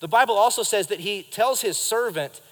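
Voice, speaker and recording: A male pastor preaching to his congregation with a slightly high voice. He talks in a lively way and works the room. Long reverb from the church trails his words. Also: normal speed. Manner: lively preaching, acts out quotes and addresses the congregation. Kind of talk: sermon. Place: church sanctuary during a live service.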